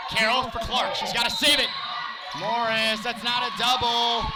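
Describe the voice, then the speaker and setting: A man's voice: very high-pitched, little pitch movement. A man calling a volleyball game play by play from a booth in a school gym, raising his voice as he loses it. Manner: rapid, raised play-by-play calling. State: losing his voice. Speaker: play-by-play announcer. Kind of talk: live sports commentary. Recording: distant mic, loud crowd noise. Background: loud cheering crowd.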